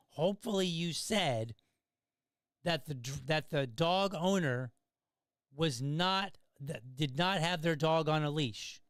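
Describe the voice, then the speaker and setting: This podcast host's voice is fairly high and bright, captured with clean, dry studio sound. Running a casual commentary show, he talks a lot in a wry, sarcastic manner, peppering it with conversational asides aimed at listeners.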